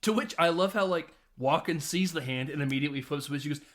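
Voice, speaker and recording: A man hosts a podcast and recaps a film scene by scene. His voice sits a little high, and he laughs often and slips into the characters' lines. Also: quick pace. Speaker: podcast host. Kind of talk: casual film recap with acted quotes.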